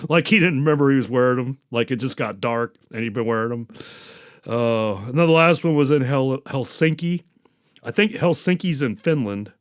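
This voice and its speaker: A man's voice: medium pitch, moderate pace. A man hosting a podcast, recapping a movie in a rambling, profane, casual way. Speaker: podcast host.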